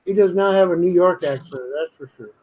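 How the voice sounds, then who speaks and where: Brief: man, high voice, blunt interrupter in a casual video call chat. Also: dull audio, crowd noise. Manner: blunt, interrupting, quick to correct others.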